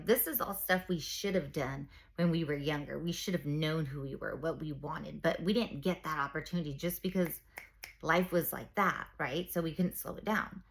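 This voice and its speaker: Candid, low-pitched mom in her forties. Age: 40s. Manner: open, emphatic storyteller, many fillers, acts out quoted speech. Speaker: mom coaching women through reinvention. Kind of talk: candid personal talk.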